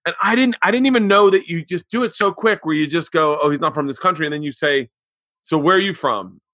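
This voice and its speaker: Loud, animated male storyteller. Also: fairly high pitch, fast, a little hiss or hum. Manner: animated storyteller, loud outbursts, swears a lot. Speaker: podcast host. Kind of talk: casual chat.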